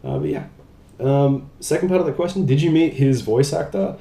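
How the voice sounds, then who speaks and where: A young man with a medium-pitched, dark-toned voice answers fan questions casually in a vlog, speaking at normal speed and sounding animated. He reads every question aloud and cracks jokes, and the room echoes noticeably.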